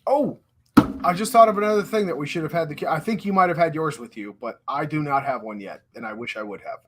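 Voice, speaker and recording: Man, podcast co-host, slightly high voice, blunt and opinionated. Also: fast talker, a little hiss or hum. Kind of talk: casual chat.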